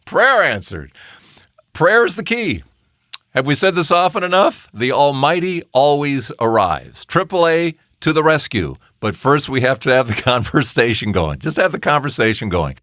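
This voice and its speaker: A man's voice: fairly high pitch, very animated, moderate pace, a bit bright, no echo, studio quality. A man hosting a podcast, reflecting in short phrases. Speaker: podcast host. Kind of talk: casual chat.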